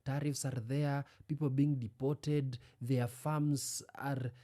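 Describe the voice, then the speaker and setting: A man narrating commentary in a measured, explanatory way, with frequent "uh" fillers. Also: medium pitch, little pitch movement, dark tone.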